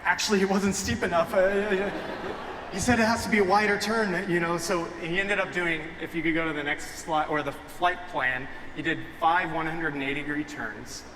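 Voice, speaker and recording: A man's voice: on the high side, fairly even intonation, a little fast, few pauses, background noise. A man giving an emotional, earnest talk on stage before an audience, telling a story through a stage microphone.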